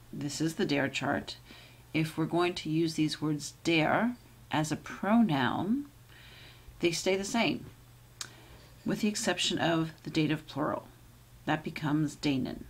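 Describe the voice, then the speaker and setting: Low husky lady teacher going through german grammar step by step, keeps asking okay?. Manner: patient, checks in with "okay?"; slows down to model German sentences. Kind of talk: explaining grammar with examples.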